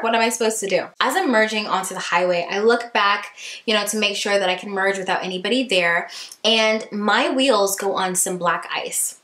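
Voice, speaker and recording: A woman vlogger tells a dramatic story with lively, animated delivery. Her voice sits at a medium pitch. The room sounds echoey and roomy. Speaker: beauty vlogger. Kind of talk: storytime vlog. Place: indoors at home.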